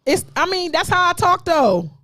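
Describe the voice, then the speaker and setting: A woman's voice: extremely high pitch, normal speed, dry recording. A woman co-hosting an uncensored talk show, talking bluntly and with plenty of profanity. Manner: blunt, profane, animated storytelling. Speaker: podcast co-host. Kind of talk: uncensored casual chat.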